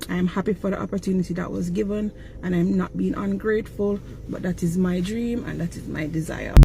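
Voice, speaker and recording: A man's voice: sits high, brisk, creaky, background noise. A young man with a Jamaican accent, speaking earnestly and directly in casual testimony. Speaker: interviewee.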